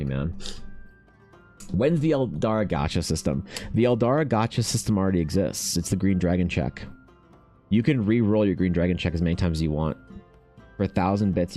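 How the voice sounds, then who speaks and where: A low-voiced man chats loosely while he paints, ranting and swearing as he goes. His voice sits deep, and faint music plays behind him. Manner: swearing, animated, rants. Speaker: artist streamer. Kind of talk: casual rambling chat while painting.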